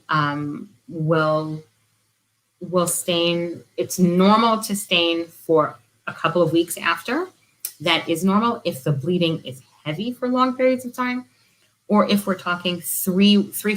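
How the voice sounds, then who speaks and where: A middle-aged woman with a slightly low voice talks through informal guidance as a support counselor. She sounds gentle, earnest and reassuring. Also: rough recording. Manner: briefly drops to a whisper.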